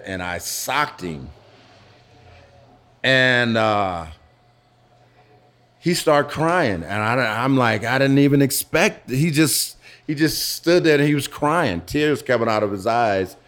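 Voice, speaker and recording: A middle-aged man being interviewed in a pizza restaurant, telling his own story frankly with halting restarts. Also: mid-range voice, expressive, fairly bright tone. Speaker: interviewee, former dancer turned business owner. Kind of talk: candid personal storytelling.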